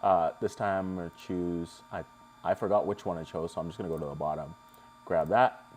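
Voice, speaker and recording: A young man hosting a live stream, chatting casually and joking with viewers as he walks through a software tutorial. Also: deep voice, fairly even intonation, brisk, a little hiss or hum. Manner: chatty, jokey, talks to chat viewers.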